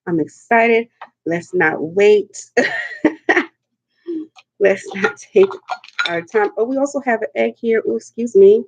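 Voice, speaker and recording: Young adult woman, mukbang host, playful and sassy, slow easy delivery, slightly dull lo-fi stream sound. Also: medium pitch. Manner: sassy, playful, laughs often, endearments like honey and darling. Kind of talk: live-stream eating chat.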